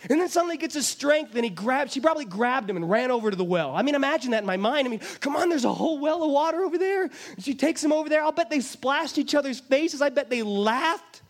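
A man's voice: very high voice, expressive, fast, hardly any pauses. A man preaching a sermon, retelling a scripture story with emphatic storytelling and acting out the voices of its people. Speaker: pastor.

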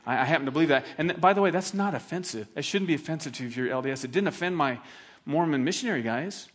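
A middle-aged male pastor preaching a sermon, telling stories in an animated, laughing way. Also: a little high, very fast.

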